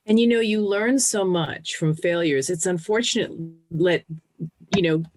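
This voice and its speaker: A woman's voice: lowish voice, measured pace, darkish tone, dry recording. A woman hosting a podcast interview, speaking in a plain, reflective conversational way. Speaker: podcast host.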